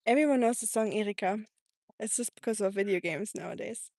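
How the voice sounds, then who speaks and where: A woman's voice: medium pitch, brisk, a little mellow, no room sound, clean studio sound. A woman with a German accent, hosting a casual live stream and chatting with viewers as she answers their comments, laughing often. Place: home in Tennessee.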